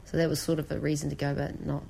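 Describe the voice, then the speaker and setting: Chatty New Zealand woman, low-pitched. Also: little pitch movement, quick pace, vocal fry, mellow, husky. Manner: chatty, rambling, frequent "like" and "you know". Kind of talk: casual chat.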